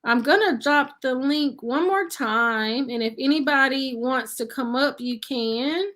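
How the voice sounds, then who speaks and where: Woman, live-stream host, casual chat, high bright voice, unhurried, says y'all, laughs a lot. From Nashville, Tennessee resident. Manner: chatty, addresses viewers as "y'all", laughs often. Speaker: livestream host.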